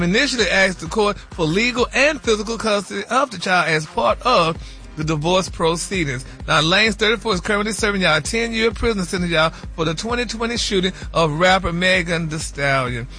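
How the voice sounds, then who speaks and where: A man's voice: sits high, normal speed, sharp tone, soft background music. A man hosting celebrity news on a radio morning show, flamboyant and sing-song, saying y'all and honey a lot.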